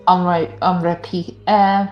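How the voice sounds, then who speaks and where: A woman's voice: on the low side, little pitch movement, very slow, lo-fi sound. A woman playing a tabletop game, who hesitantly explains her character's plan step by step. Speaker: player. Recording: echoey room with music behind.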